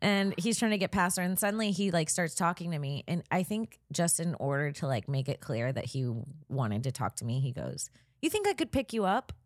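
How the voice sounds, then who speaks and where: A woman's voice: deep voice, fairly quick, few pauses, dry recording, clean studio sound. A woman in her thirties, a comedian co-hosting a podcast, telling a story in casual chat. She acts out the people she quotes and laughs often.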